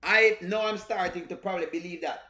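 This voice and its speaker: Animated high-voiced male stream host. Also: brisk. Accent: strong non-standard English accent. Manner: animated, repeats himself, greets chat. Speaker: reaction channel host. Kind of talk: live-stream reaction commentary.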